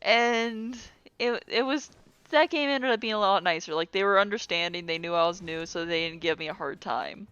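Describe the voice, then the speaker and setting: A young woman co-hosting a casual gaming chat, animated and swearing freely. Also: mid-range voice, normal speed, clean tone, no echo. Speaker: co-host. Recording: dull lo-fi mic.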